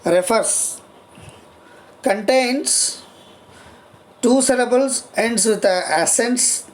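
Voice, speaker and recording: A college lecturer giving a grammar lesson on spelling rules, speaking haltingly, restarting phrases and spelling words out letter by letter. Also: medium pitch.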